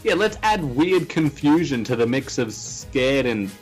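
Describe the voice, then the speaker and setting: A man's voice: mid-range voice, big pitch swings, unhurried, faint music behind, rough recording. A man co-hosting a comedic podcast, wry and exasperated. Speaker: podcast co-host.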